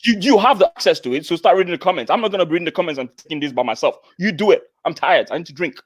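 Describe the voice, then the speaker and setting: Animated Nigerian man, lively high voice. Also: rapid-fire, no echo. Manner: animated, teasing, exclaims and repeats himself. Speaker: co-host of a football chat show. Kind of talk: casual football chat.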